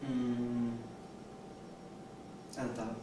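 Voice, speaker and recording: A soft-spoken man giving short, hesitant answers as a student in a clarinet lesson. His delivery is flat with little melody. He sounds far from the mic in a very echoey room with faint noise. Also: mid-range voice, very slow. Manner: quiet, brief, hesitant replies.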